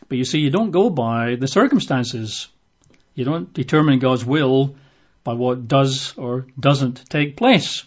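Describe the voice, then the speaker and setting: A man's voice: medium pitch, unhurried. A man preaching a sermon in a conversational way, acting out the voices he quotes. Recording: dull lo-fi recording.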